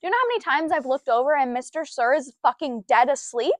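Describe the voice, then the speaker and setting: High-voiced young woman, swearing and animated. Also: fast talker, no echo, clean studio sound. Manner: animated, swears often, laughs a lot. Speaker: podcast co-host. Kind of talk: casual chat.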